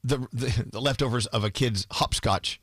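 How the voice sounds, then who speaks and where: A man's voice: mid-range voice, moderate pace, a bit bright, husky, no echo. A man hosting a morning radio show, bantering playfully with his co-hosts in the studio. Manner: playful, teasing, laughs often.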